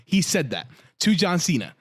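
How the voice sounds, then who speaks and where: A man's voice: a little high, moderate pace, breathy edge, no echo, studio quality. A man co-hosting a casual podcast chat, telling stories and acting out quoted lines as he goes. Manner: animated storyteller, acts out quotes. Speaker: podcast co-host.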